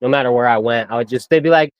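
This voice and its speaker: A laid-back young man spinning casual stories in loose slang, breaking into laughs as he mimics other voices. His voice sits at a medium pitch and sounds close and dry, with no room echo. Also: rapid-fire, highs cut off. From San Diego area. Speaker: guest. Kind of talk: casual storytelling.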